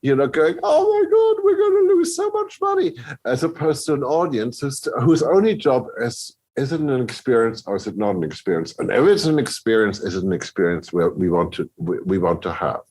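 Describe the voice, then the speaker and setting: A man's voice: mid-range voice, fairly quick, few pauses, husky. A middle-aged man, a composer, telling stories in a podcast interview, restarting his sentences and acting out other people's reactions. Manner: animated storyteller, many restarts, acts out others' reactions. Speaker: film composer, guest.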